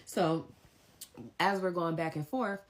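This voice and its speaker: A young woman with a low, deep voice recounting a story in a casual storytime style. Her delivery is animated and emphatic, and she leaps much higher in pitch whenever she slips into quoting someone. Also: takes it slowly. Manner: animated, emphatic retelling with sharp pitch jumps for quoted lines.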